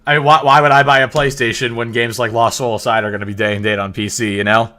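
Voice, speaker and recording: Bright-voiced mocking male streamer. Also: mid-range voice, level tone, quick pace. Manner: mocking, laughs often. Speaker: livestream host. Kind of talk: casual reaction stream chat.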